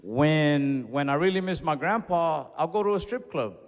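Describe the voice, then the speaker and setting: A young man doing a stand-up comedy set, telling stories in a laid-back, deadpan way with quick asides. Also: a little high. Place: comedy club stage. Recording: reverberant club hall with faint crowd noise.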